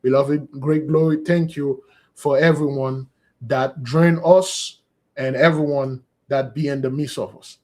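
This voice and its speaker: A man's voice: mid-range voice, fairly even intonation, measured pace, darkish tone. A man preaching a sermon and leading a spoken prayer, earnest and exhorting, calling his listeners beloved.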